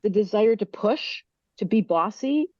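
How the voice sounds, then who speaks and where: An older woman, a guest on a podcast, explaining things in a lively way and acting out little voices as she goes. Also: mid-range voice, unhurried, no room sound, highs cut off. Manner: animated, acts out little character voices. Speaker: astrologer guest. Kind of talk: podcast interview.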